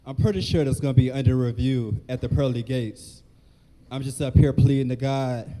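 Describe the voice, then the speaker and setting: A man performing a stand-up set, soft-spoken and dry at a live comedy venue. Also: medium pitch, steady tone, normal speed, rough recording.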